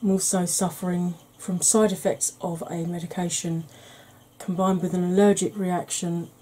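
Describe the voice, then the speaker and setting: A woman talks through an ASMR makeup tutorial in a soft, mellow voice, close to the mic. She is tired from lack of sleep. She chats and rambles with dry, self-mocking humour. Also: fairly low pitch, level tone, moderate pace, a little hiss or hum, poor audio. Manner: chatty, rambling, wry humour. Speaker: beauty channel host.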